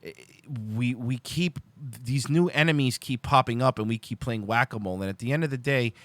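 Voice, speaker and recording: With a mid-range, somewhat bright voice at a moderate pace, a male show host goes on a heated political rant during a livestream. He sounds exasperated and keeps restarting his thoughts, and there's no room sound.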